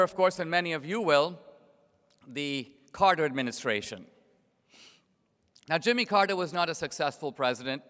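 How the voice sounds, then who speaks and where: A middle-aged man gives a political speech, with storytelling and sardonic asides. His voice sits a little high and sounds smooth and resonant. A long hall reverb trails his words. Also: a bit bright. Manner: storytelling, sardonic, rhetorical questions. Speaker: invited speaker.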